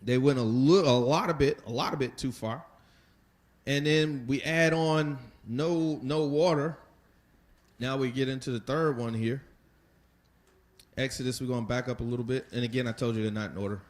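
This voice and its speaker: As a Bible teacher guiding a study lesson, this man keeps things conversational and throws rhetorical questions at his audience. He speaks at a moderate pace, with a medium-pitched voice and fairly even intonation.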